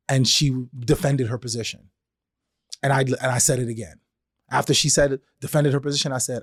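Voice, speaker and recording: At a brisk clip and medium pitch, a podcast host talks through his thoughts alone, slipping into different voices to act out little exchanges. Clean studio sound, no echo.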